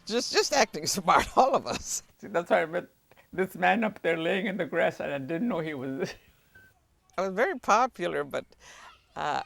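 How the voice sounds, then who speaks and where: An elderly woman recounting memories of her youth in an oral history interview, animated and often laughing. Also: fairly low pitch, normal speed, creaky. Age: older. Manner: animated, laughs often while telling stories. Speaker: interviewee recalling her life.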